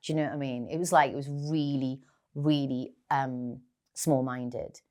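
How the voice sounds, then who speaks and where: A woman's voice: a bass voice, steady tone, a little slow, darkish tone. A middle-aged woman with a Geordie accent, a guest chatting candidly in an interview and telling stories full of "like" fillers. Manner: chatty storytelling, many "like" fillers. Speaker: guest actress.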